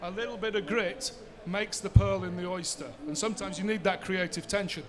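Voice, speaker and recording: A man's voice: sits high, steady tone, a little fast, a crowd in the background. A man, giving a conversational conference talk and answering his own rhetorical questions. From Bradford, England. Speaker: seminar speaker.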